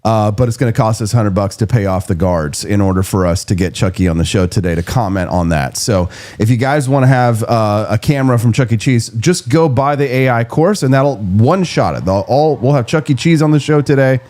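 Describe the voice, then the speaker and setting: A man's voice: fairly low pitch, a little fast, hardly any pauses, a little mellow. A man hosting a talk show, talking loosely and joking, with a lot of uh and um. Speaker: show host. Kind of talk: casual chat.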